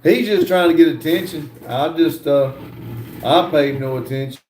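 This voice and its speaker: An older man hosting a livestream, reading viewer comments aloud and answering in a relaxed, casual way. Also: a little high, echoey room. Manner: slow, laid-back reading of comments aloud. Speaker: livestream host reading chat.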